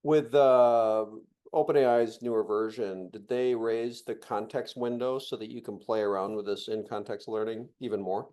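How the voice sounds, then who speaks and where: A man's voice: on the low side, steady tone, moderate pace, mellow. A man hosting a casual chat, curious, thinking aloud and asking follow-up questions.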